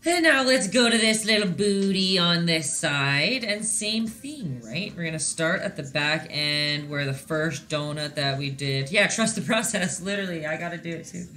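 A woman with a bright, clear voice walks viewers step by step through a painting on a casual live stream. She is chatty and encouraging and keeps checking in to make sure everyone is following. Faint music plays softly behind her. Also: lowish voice, lively intonation, normal speed, few pauses. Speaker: painting instructor.

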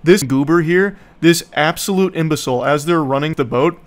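A man's voice: on the high side, moderate pace. A young man giving casual, sarcastic movie commentary in a rambling, mocking way. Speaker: YouTube commentator.

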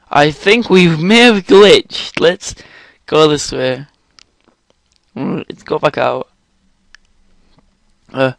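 Young guy yelling and cursing through a let's play, slow talker, dry close mic. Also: fairly high pitch, creaky, no room sound. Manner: excitable, swears and exclaims often. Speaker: gaming channel host.

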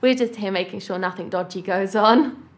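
A woman's voice: mid-range voice, normal speed, lightly acted. An actress playing a ditzy, eager-to-please young woman in a comedy sketch, bubbly and giggly. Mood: chirpy.

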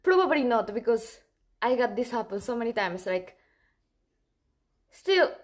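A woman streamer chats casually with her viewers. She sounds giggly and excitable, and her voice sits noticeably high. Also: measured pace. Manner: giggly and excitable, laughs often. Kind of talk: casual livestream chat.

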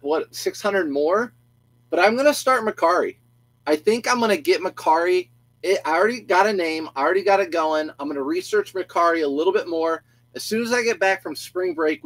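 A man's voice: sits high, a bit bright, dry recording, rough recording. A middle-aged man, a reseller chatting casually on a live stream, goofy and talkative, greeting viewers by name and stumbling over his own restarts.

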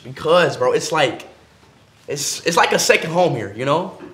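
A young man joking through an interview, playful and exaggerated, swinging between loud outbursts and mumbled asides. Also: fairly high pitch, animated, moderate pace. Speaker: guest.

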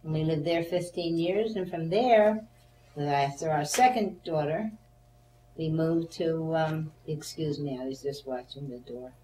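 An older woman being interviewed for an oral history, telling her memories as a lively storyteller who acts out the voices of the people in them and laughs often. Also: low-pitched, measured pace. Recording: echoey room, voice a bit off-mic, faint hum.

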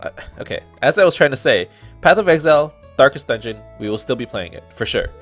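A man's voice: mid-range voice, big pitch swings, fast talker, fairly bright tone, soft background music. A man casually commenting on a farming game, joking and laughing often as he plays. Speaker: gaming channel host. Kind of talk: let's play commentary.

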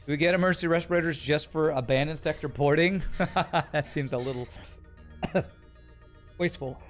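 A man's voice: a little high, moderate pace, faint music behind. A man streaming a strategy game, chatting casually, thinking aloud and answering chat in a rambling way. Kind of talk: casual gameplay commentary, reading chat.

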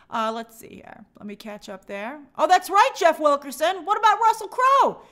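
A woman with a somewhat high voice hosts a live stream. She talks emphatically and with animation, reading out viewer comments and answering them in a casual commentary style. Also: animated, normal speed, fairly bright tone.

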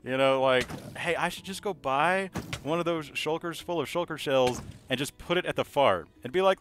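A man giving casual commentary over his gameplay, rambling and self-mocking, filling pauses with "you know". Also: on the high side, a bit bright. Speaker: gaming video creator.

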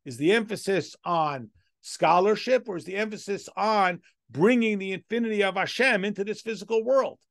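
A man's voice: sits high, moderate pace, vocal fry, fairly bright tone, dry recording, clean studio sound. A man teaching a Torah lesson as a rabbi, reading Hebrew text aloud and explaining it step by step with rhetorical questions. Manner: reads Hebrew text aloud then translates.

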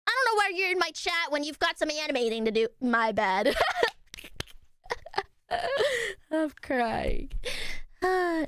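A young woman streamer chatting casually with her viewers, bubbly and quick to squeal and laugh. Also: high voice, fairly bright tone, no room sound, clean studio sound.

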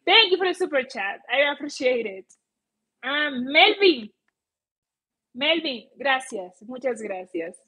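A woman's voice: sits high, expressive, moderate pace, pushed and bright, breathy edge. A woman with a Colombian accent, a native Spanish speaker, chatting casually on a livestream and often searching for English words. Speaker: vlogger.

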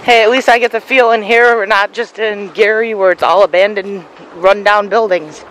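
A man's voice: high-pitched, fairly even intonation, normal speed, a bit bright, slight background noise, poor audio. A man hosting a casual vlog outdoors on a nature trail, easygoing and chuckling often between fillers. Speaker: vlogger.

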